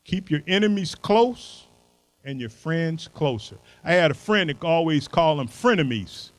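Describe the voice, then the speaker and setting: A man's voice: a little high, lively intonation, measured pace, rough recording. Emphatic older man giving a keynote. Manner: folksy, emphatic, preacherly; punchy short maxims. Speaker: keynote speaker. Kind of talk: motivational speech.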